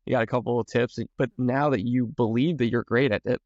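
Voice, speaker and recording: A man's voice: medium pitch, steady tone, fairly quick, darkish tone, dry recording, highs cut off. A man hosting a golf podcast, telling stories with enthusiasm and stumbling over repeated words. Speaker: podcast host and golf coach. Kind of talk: casual podcast conversation.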